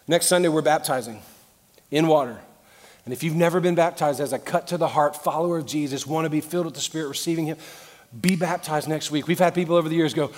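A pastor preaches with a high voice, out of breath and impassioned. His voice rings through a church sanctuary with long reverb. He swings from loud exclamations to quieter asides. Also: fast. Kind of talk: sermon.

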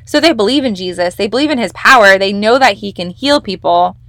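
A woman's voice: mid-range voice, expressive, brisk, a bit bright, no room sound. A young woman hosting a devotional podcast, teaching from the Bible in a casual, enthusiastic, emphatic way. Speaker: podcast host leading a devotional.

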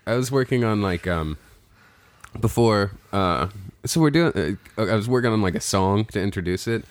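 A man's voice: on the low side, animated, normal speed, no room sound. A man hosting a podcast in casual, joking chat, rambling with lots of fillers. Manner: playful, rambling with many fillers. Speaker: podcast host.

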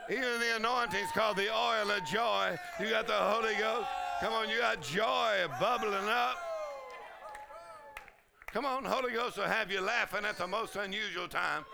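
A man preaching a sermon at a conference, exuberant, often laughing and shouting out. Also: sits high, normal speed, gravelly, noisy background. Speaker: pastor. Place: conference hall. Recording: crowd heard in a hall.

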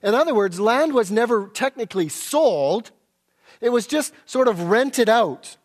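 A man's voice: extremely high pitch, lively intonation, measured pace. A man preaching an expository sermon, explaining scripture and reading passages aloud. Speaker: pastor.

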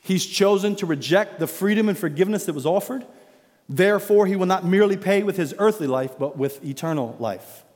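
Pastor, male, emphatic sermon delivery, a bit high-pitched, long hall reverb. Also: lively intonation, a little fast. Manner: emphatic preaching, rising to loud declarations then dropping low.

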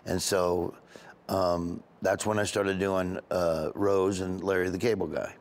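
A male stand-up comedian, guest on an interview, telling stories in an animated way and laughing often. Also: deep voice. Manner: laughs often, excited, quick bursts. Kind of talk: animated storytelling.

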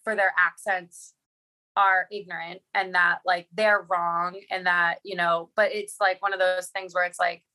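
A woman from Boston chats as a podcast guest, with a bright, forward tone. She rambles along with lots of filler words. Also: fairly low pitch, flat delivery, measured pace. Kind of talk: casual podcast chat.

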